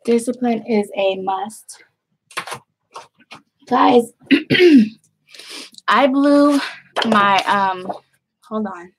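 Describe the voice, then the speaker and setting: Texan accent, woman, fairly high voice, unhurried, chatty rambling vlog talk. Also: expressive, slight background noise, poor audio. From Texas. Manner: chatty, rambling, laughs often. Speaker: craft vlogger. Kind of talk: casual chat to viewers.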